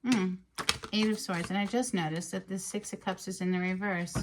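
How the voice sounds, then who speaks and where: A woman giving a casual tarot card reading, chatty and emotional, sometimes dropping into breathy half-whispers. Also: on the low side, steady tone, normal speed, a little hiss or hum. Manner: chatty and emotional, with frequent fillers and soft laughs. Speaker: tarot reader.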